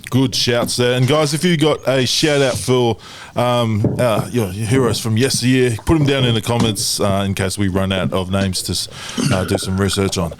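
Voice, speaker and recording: A man with an Australian accent hosting a casual podcast, lively and quick to laugh. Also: medium pitch. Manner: lively, laughs often, runs the segments. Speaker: podcast host. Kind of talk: casual chat. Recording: noisy call audio.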